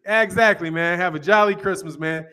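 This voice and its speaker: A man's voice: high-pitched, moderate pace, pushed and bright, clear, resonant tone. A man, hosting a boxing channel and chatting casually with viewers on a live stream, joking and answering their comments. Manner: laid-back, joking, reads out chat comments.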